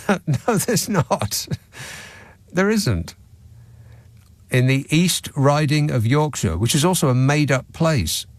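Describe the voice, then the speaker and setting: A fairly high-pitched man with lively intonation takes his time. He's hosting a radio phone-in, delivering an opinionated talk-radio monologue in a sarcastic, mocking, dry-witted way. The recording is dry, on a studio microphone.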